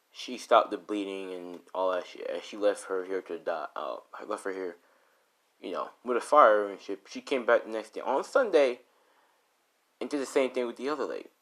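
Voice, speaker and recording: A man's voice: on the low side, a bit bright. A man telling a made-up story off the cuff, rambling and correcting himself as he goes. His speech is casual and loose, stitched together with fillers and restarts.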